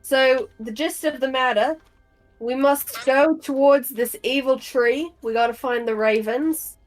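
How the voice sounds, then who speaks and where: A woman's voice: sits high, unhurried, soft background music, poor audio. A woman playing a tabletop game, casually thinking aloud over her notes with many fillers. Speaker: player and note taker.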